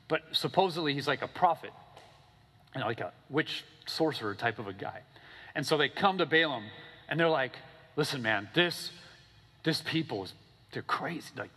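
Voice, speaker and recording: Animated preacher in an echoing hall. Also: male voice. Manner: animated storytelling, acting out characters with big pitch swings; casual, with fillers like "okay?" and "right?". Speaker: pastor. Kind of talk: sermon. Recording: long hall reverb.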